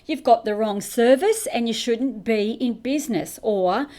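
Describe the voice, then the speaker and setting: A middle-aged woman, a business coach, hosts a motivational business podcast indoors, speaking straight to camera and asking emphatic rhetorical questions. Her voice is a little high and warm, and her pace is measured.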